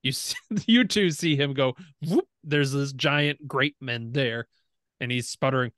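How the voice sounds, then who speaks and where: A man narrating as game master, animated, laughing and making sound effects. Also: mid-range voice, unhurried, no echo, clean studio sound.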